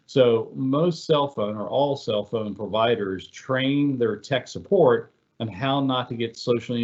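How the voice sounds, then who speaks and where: A man's voice: mid-range voice, lo-fi sound. Man presenting a security webinar. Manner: conversational, filler-heavy, storytelling. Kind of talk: casual explanatory presentation.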